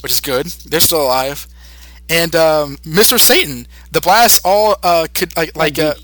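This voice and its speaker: A young man hosts a podcast and retells a cartoon episode in a loose, rambling way, full of ums and restarts. His voice is bright and a touch high. The sound is dry and close. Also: measured pace, no room sound. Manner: rambling retelling with many fillers. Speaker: podcast host. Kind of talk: casual episode recap.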